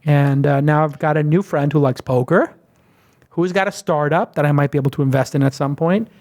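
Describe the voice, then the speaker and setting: A chatty man with a fairly high voice hosts a podcast interview. He tells stories with a self-mocking, casual flow, talking freely and at length. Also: brisk, a little mellow. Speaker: podcast host.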